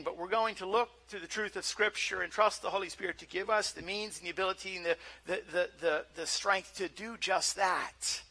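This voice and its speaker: A male pastor delivering a sermon in an easy, conversational way, often doubling words as he begins a thought. His voice sits high for a man. The tone is very bright and clear. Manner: conversational, repeats words as he starts phrases.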